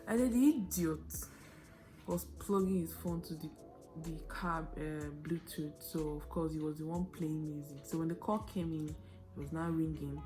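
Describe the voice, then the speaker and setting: Young Nigerian woman, storytime vlog, dramatic, lowish voice, faint music behind. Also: normal speed. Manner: animated, dramatic storyteller with shifting pace. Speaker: vlogger.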